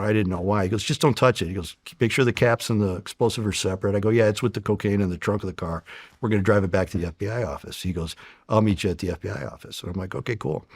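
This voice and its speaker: Speaking quickly in a lowish voice with a breathy edge, this former undercover agent, a middle-aged American, swaps stories casually during an interview. He's profane and animated, performing the dialogue as he goes, and the audio has no echo.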